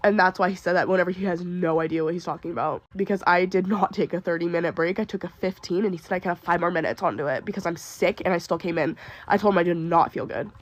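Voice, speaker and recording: A young adult woman who works retail vents in a storytime video, sick and upset, ranting in exasperated bursts. Her voice is lowish and steady, and she talks quickly.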